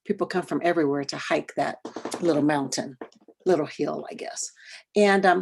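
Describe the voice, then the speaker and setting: A middle-aged woman educator giving a workshop talk, telling a personal story, asking the audience questions and dropping to a whisper for quoted thoughts. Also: fairly low pitch. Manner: addresses the audience directly with questions.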